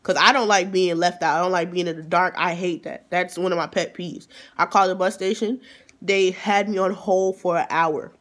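A man vlogger telling a storytime in an animated, emphatic way, with exasperated asides. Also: sits high, moderate pace. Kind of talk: storytime vlog.

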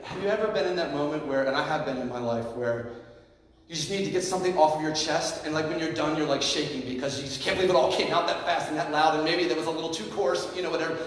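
Animated male pastor in an echoey church hall. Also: on the high side, far from the mic, slight background noise. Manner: animated storytelling, acting out the parable. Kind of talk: sermon. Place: church sanctuary.

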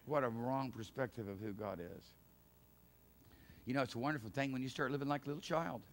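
A man preaching a sermon from a church pulpit in a folksy way, with rhetorical questions, dropping to low murmurs and then rising to loud, shouted emphasis. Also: brisk, a little hiss or hum. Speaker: pastor. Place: church sanctuary.

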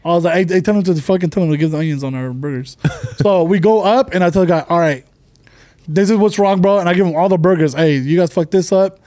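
High-pitched guy on a podcast, cussing and worked up, dry close sound. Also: warm tone, no echo. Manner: heated, swearing, fast retelling. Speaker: podcast co-host. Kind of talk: casual storytelling among friends.

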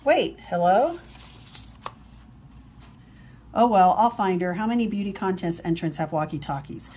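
A woman's voice: medium pitch, expressive, fairly quick, dark tone, slightly rough. A woman voicing a brash, smug teenage boy in a comic read-aloud, cocky and taunting. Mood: eager.

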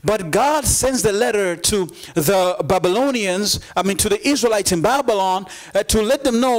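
High-voiced male preacher. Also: animated, normal speed, hardly any pauses. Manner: earnest, repeats words and acts out quoted voices. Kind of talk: sermon.

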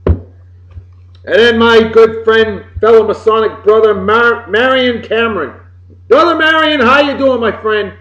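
A man from Massachusetts, hosting a show and giving folksy, boisterous birthday shout-outs. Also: high-pitched, unhurried. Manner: boisterous and folksy, swinging loud and soft. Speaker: podcast host. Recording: roomy, slightly dull lo-fi recording.

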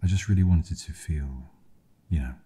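A man's voice: extremely low pitch, moderate pace, dark tone, husky, heavily acted. A man voicing a remorseful young woman who pleads sorrowfully, in a whispered role-play. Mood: pleading.

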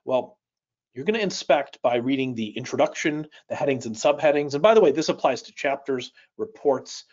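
A man teaching a live speed reading session, often checking in with "right?", shifting his pace and loudness as he talks. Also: medium pitch, moderate pace, lo-fi sound. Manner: lively, varies pace and loudness, frequent "right?".

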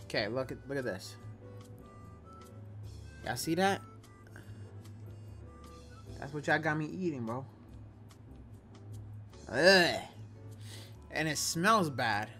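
A man's voice: fairly high pitch, animated, unhurried, pauses often, sharp tone, faint music behind. A young man reviewing food on his home vlog, casual and slangy, with big exaggerated reactions, recorded on a camera at home. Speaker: food-tasting vlogger. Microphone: camera or phone.

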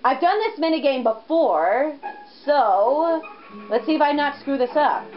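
A young woman giving excitable let's play commentary, with frequent exclamations. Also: high-pitched, unhurried, highs cut off, soft background music. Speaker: gamer.

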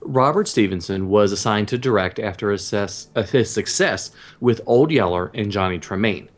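A man's voice: on the low side, normal speed. A man co-hosting a casual online show, teasing his partner and reading history notes in an easygoing way. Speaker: co-host. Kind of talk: casual podcast chat.

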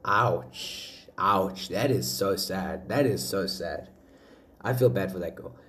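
A man's voice: deep voice, slow, bright, forceful tone, slight background noise. A man hosting a casual reaction video, exclaiming and repeating himself while chatting to his viewers. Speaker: video host.

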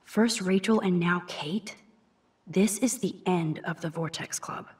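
A woman's voice: on the low side, measured pace, a little mellow, slightly rough. Max, a wry teenage girl. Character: dry sardonic teenage girl student. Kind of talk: game character dialogue.

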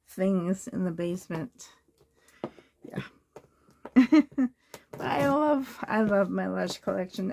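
Gravelly and mellow at a medium pitch, this Canadian reborn doll collector chats through an unboxing in a gushing, effusive way. She laughs a lot, is teary and coughs a little, and the recording has a faint hiss or hum.

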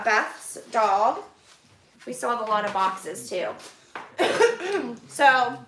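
A woman's voice: sits high, reverberant, slight background noise. A woman vlogger with a Western Pennsylvania accent, chatting casually and gushing as she opens donations. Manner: gushing, excitable. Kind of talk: casual live stream chat.

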